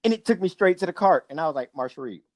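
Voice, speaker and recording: A man's voice: high-pitched, rapid-fire, no echo, clean studio sound. A man co-hosting a casual podcast, telling a story with acted-out quotes and cursing. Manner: animated storyteller, acts out quotes, profane. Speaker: podcast co-host.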